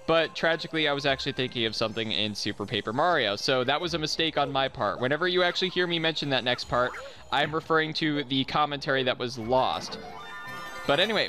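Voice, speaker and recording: A man's voice: on the high side, bright, forceful tone. A man casually explaining his gameplay in recorded commentary, correcting his own earlier mistakes. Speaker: let's play commentator.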